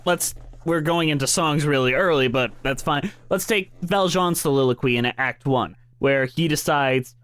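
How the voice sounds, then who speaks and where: A man's voice: on the high side, normal speed, hardly any pauses, a bit bright, clear, resonant tone, no echo. A man co-hosting a casual podcast about musicals, enthusiastic and casually swearing. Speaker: podcast co-host.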